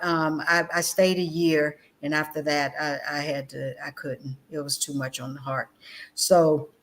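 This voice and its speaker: A middle-aged woman, a guest educator and former chaplain, telling stories in a passionate conversational way. She speaks insistently and repeats phrases, swinging between loud outbursts and low, quiet passages. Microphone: video call.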